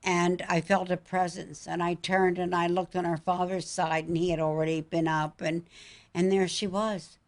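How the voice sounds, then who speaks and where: An older woman, a psychic guest on a talk show, speaking calmly and reassuringly about visions. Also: lowish voice, moderate pace. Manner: calm, reassuring, tells emotional personal stories.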